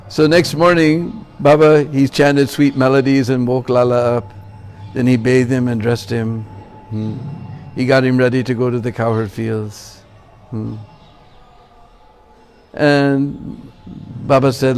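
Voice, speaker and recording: A man's voice: mid-range voice, steady tone, slow, darkish tone, clean tone. A man preaching in a temple, telling a sacred story and checking in with his listeners. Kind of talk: sermon storytelling.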